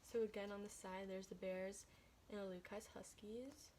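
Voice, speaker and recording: A woman reading a children's picture book aloud, gentle and steady at a middle pitch. She then chats plainly about the tale she has just read. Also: moderate pace, a little hiss or hum. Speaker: storybook reader.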